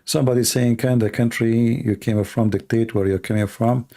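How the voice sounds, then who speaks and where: Gravelly, dark-voiced man talking bluntly. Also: mid-range voice, fairly even intonation, normal speed. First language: Arabic. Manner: blunt, repetitive, emphatic. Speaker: show host answering viewer questions. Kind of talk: casual live-stream talk.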